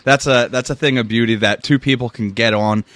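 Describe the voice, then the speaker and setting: A man's voice: mid-range voice, fairly even intonation, brisk, fairly bright tone, no echo. Male interviewer, dry recording; friendly, enthusiastic, long casual questions. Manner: friendly, enthusiastic, repeats "that's awesome".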